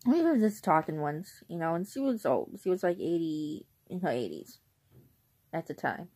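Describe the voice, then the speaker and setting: A young woman vlogging in a casual, rambling way, who often clears her throat. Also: low voice, very animated, normal speed, warm tone. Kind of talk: casual chat.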